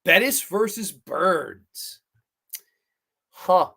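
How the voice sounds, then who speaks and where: A man hosting a live stream, talking to his chat in an excitable, profane way as he agonizes aloud over picks. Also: high-pitched, extremely slow, gravelly. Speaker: podcast host.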